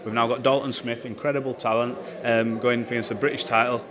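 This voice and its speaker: Male ringside interviewer, teasing and chatty, lower voice, crowd roaring. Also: level tone, brisk. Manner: chatty, teasing, long questions. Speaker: boxing interviewer. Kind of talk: casual interview. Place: busy boxing arena. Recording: loud arena crowd behind.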